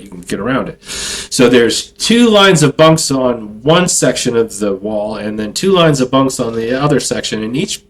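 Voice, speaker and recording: A man's voice: medium pitch, rough recording. A male army veteran telling a casual, rambling story with plenty of profanity and self-mockery.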